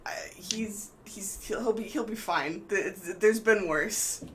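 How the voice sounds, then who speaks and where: A jittery young man who stammers and rushes through his plans, the voice only lightly bent from the speaker's own. Put on by the game master during a live tabletop game. There is a faint hiss under the voice. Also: medium pitch, fairly bright tone, pitched above the performer's own voice, close to an everyday voice. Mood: nervous. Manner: stammering, anxious. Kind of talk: game master voicing a character.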